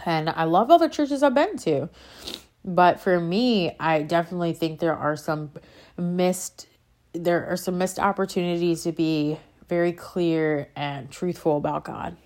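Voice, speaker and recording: A woman's voice: fairly low pitch, unhurried, darkish tone. A woman speaking casually and with passion about her faith, rambling and interrupting herself as she gets worked up. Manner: impassioned, rambling, self-interrupting. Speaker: faith vlogger. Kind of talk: casual spiritual monologue.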